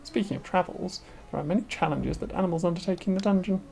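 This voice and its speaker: A woman voicing a chatty female hiking expert from a game in a deliberately bad, exaggerated French accent, drawing out her words slowly. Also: lowish voice, vocal fry, warm tone. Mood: friendly pitch. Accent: put-on French. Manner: slow, drawn-out delivery.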